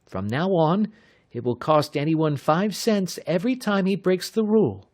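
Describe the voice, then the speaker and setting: A man's voice: high-pitched, lively intonation, moderate pace, darkish tone, pitched above the performer's own voice. A man voicing a teenage girl in an audiobook, speaking severely and laying down rules. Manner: severe, bossy. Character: teenage girl, stern rule-setter.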